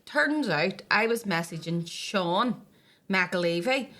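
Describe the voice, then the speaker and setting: Bright-voiced West Belfast woman host. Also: mid-range voice, slow. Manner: lively storyteller who swears freely and acts out quotes. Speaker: podcast host. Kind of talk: casual chat.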